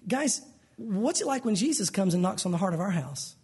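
A man preaching a sermon in an animated way, acting out little scenes with comic voices. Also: sits high, fairly quick, breathy edge. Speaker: pastor.

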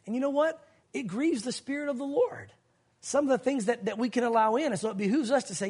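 A fast-talking male pastor preaches in a husky, slightly breathy voice that sits fairly high for a man. His delivery is earnest and conversational, full of asides to his listeners. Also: a little mellow. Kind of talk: sermon.

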